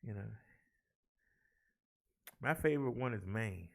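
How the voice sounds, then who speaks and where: A man's voice: fairly low pitch, slow pace, gravelly, long pauses, bright, forceful tone. A man hosting his own online show, reading daily figures with theatrical flair, rolling his R's and calling the viewers y'all. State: out of breath. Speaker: vlog host. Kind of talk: casual chat and daily numbers rundown.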